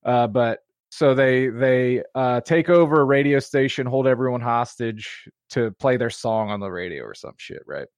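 A man's voice: mid-range voice, normal speed, hardly any pauses, no room sound. A man co-hosting a podcast, telling a story in casual chat, rambling and laughing often. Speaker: podcast co-host.

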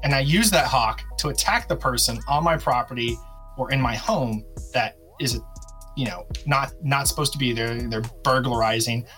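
A man's voice: mid-range voice, normal speed, a bit bright, soft background music. A man co-hosting a podcast, chatting casually and rambling through silly hypotheticals. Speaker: podcast co-host.

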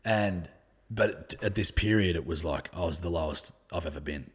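A relaxed young Australian man speaks in a low, slightly husky voice. He tells loose, rambling stories, peppered with "like" and casual swearing. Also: moderate pace. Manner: laid-back, swears often, says "like" a lot. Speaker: podcast guest. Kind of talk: casual conversational storytelling.

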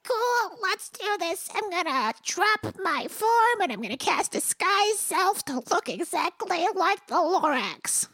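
A woman playing a tabletop game, playful and quick with asides. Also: very high-pitched, very animated, fairly bright tone, dry recording. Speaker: player. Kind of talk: tabletop game play, casual chat.

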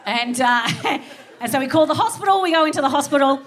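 A woman with an Australian accent telling a comic story on stage, animated and swearing freely as she acts out voices. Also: sits high, quick pace, heavy background noise. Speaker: comedian. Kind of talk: live stand-up storytelling.

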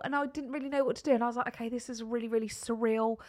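A woman's voice: fairly high pitch, steady tone, racing, darkish tone. A British woman co-hosting a podcast, telling a family story in casual chat and swearing freely. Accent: British English. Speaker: podcast co-host.

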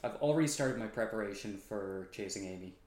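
A man's voice: lowish voice, fairly quick, a little mellow, reverberant. A man co-hosting a movie podcast, laid-back and dry with hesitant fillers. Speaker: podcast co-host. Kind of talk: casual chat.

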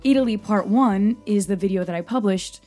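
Woman from brazil doing a solo q&a podcast, talks a lot and gets fired up, soft music faintly behind. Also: mid-range voice, fairly quick. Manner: passionate and talkative, emphatic. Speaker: podcast host.

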